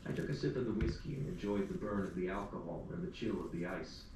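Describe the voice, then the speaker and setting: A man's voice: sits low, fast, darkish tone. A man narrating a first-person story in a dry, wry storytelling manner. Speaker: audiobook narrator. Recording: echoey room, distant mic, faint hum.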